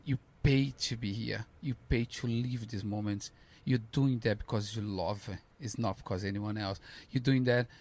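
Gravelly man telling a story animatedly. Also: on the low side, normal speed, few pauses. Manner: animated storytelling, acting out voices, broken English. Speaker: podcast guest, ultrarunner. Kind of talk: casual interview chat.

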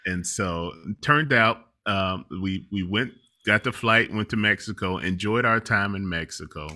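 Middle-aged guy with a low voice telling a travel story, laughs a lot, pretty bright sound. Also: unhurried. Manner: animated, laughs often while telling a story. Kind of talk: casual storytelling chat.

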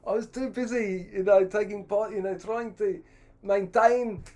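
A man voicing an angry red-faced older colonial man with a put-on Southern African accent, shrill and shouting. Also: fairly even intonation, a little slow. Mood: indignant.

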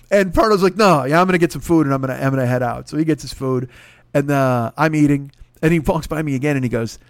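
A man's voice: mid-range voice, fast talker, dry recording. A man telling a long comic story on a podcast, swearing constantly and acting out what other people said.

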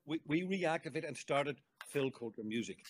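A man's voice: a little high, animated, moderate pace. An older man, a guest songwriter chatting in an interview and telling stories. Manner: chatty, storytelling, warm exclamations. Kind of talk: casual interview chat.

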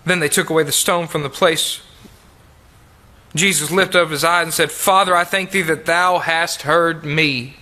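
A man preaching a sermon, reading King James scripture aloud and repeating key phrases for emphasis, sometimes dropping to a soft, low voice. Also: steady tone, moderate pace. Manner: reads King James verses then comments with emphatic repetition; drops to soft, low tones in tender appeals.

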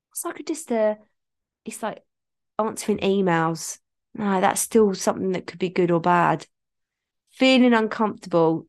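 Lady coach talking into her podcast mic, rambly, chatty, keeps cutting herself off. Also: mid-range voice. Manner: chatty, rambling, self-interrupting, laughs at herself. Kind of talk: solo podcast monologue.

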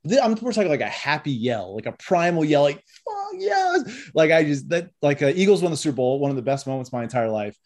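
A man's voice: a little high, quick pace, few pauses. A man co-hosting a sports podcast in casual, joking chat, acting out little quoted voices. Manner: animated, jokey, acts out quoted voices. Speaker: podcast co-host.

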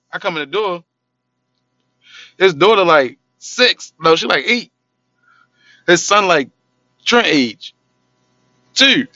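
Animated, bright-voiced man chatting. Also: no room sound, highs cut off. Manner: animated storyteller, acts out quotes in a high voice. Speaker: podcast co-host. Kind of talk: casual chat.

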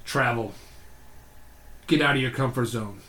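Guest man, animated profane storyteller, bright voice, echoey room. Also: mid-range voice, unhurried, slight background noise. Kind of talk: casual storytelling.

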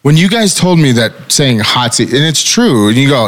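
A man's voice: mid-range voice, big pitch swings, normal speed, fairly bright tone. A man hosting a casual podcast conversation as a company founder, talking intensely, swearing often and firing repeated rhetorical questions.

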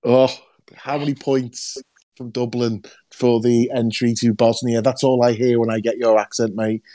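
A man's voice: mid-range voice, flat delivery, normal speed, dark tone, no room sound. A man hosting a casual podcast, teasing his co-hosts with jokey banter. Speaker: podcast host.

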